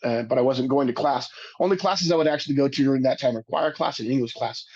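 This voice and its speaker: A man giving a webinar talk, telling a personal story in an earnest, halting way, often restarting his sentences. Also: medium pitch, a little mellow, breathy edge, highs cut off. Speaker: webinar speaker.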